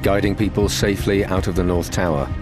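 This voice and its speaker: A man giving grave, measured scripted narration for a documentary. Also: deep voice, steady tone. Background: music.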